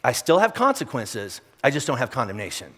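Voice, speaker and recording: A man preaching at a quick clip, talking straight to the crowd and stacking up rhetorical questions. His voice sits at an ordinary pitch for a man. The sound carries a long reverb from a big church auditorium. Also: big pitch swings, sharp tone, husky. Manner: conversational, direct, repeats rhetorical questions. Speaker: pastor. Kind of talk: sermon.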